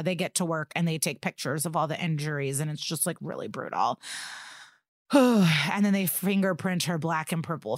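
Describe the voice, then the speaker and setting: A woman with a fairly low voice co-hosts a podcast, casually recapping an episode and acting out the characters' lines. She retells it with animation and swearing, in a clean studio recording with no echo.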